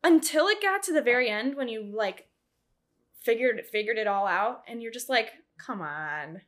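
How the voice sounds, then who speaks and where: A young woman chatting casually as a co-host, her voice sitting a little high. She fills her talk with "like" and her pitch jumps up often as she tells a story. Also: normal speed. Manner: chatty, heavy use of "like", animated rises. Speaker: podcast co-host. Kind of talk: casual chat.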